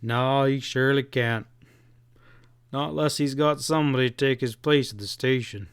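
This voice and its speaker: A man's voice: medium pitch, moderate pace, clear, resonant tone, dry recording, clean studio sound, lightly acted. A man voicing a folksy, meek middle-aged rancher in a western audiobook, talking in plain cowboy speech. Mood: easygoing. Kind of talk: audiobook character voice.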